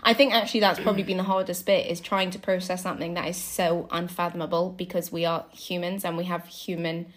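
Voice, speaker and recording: A woman, hosting a podcast in a casual, bubbly way that is quick to laugh. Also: on the low side, level tone, a bit bright. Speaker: podcast host. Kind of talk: casual chat.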